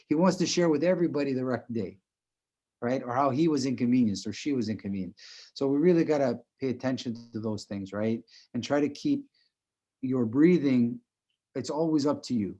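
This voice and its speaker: A man with a dark, mellow voice coaches breathing in a relaxed, chatty way, tagging his points with "right?". The sound is dull and lo-fi, like a video call. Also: mid-range voice. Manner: conversational, repeats "right?" often, chuckles while explaining. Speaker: breathing instructor. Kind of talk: live online class.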